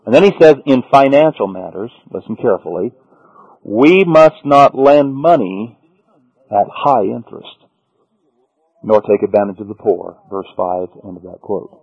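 A man's voice: fairly low pitch, moderate pace, vocal fry, dark tone, breathy edge, dry recording. Guy preaching a bible lesson, reads verses then hammers the point, muffled dry old radio sound. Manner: reads scripture aloud, then comments and stresses points. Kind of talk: Bible teaching sermon.

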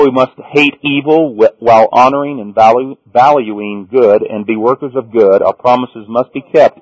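A man preaching in a measured teaching tone, reading scripture passages aloud and then pressing his points home. The sound is dull and lo-fi, with a dry, close feel and no room around it. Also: medium pitch, a little mellow, dry recording. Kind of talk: Bible teaching sermon.

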